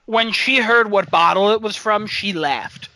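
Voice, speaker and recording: A man co-hosting a podcast in casual chat, excitable and swearing freely. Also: sits high, a little slow, no room sound, rough recording. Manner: excitable and profane. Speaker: podcast co-host.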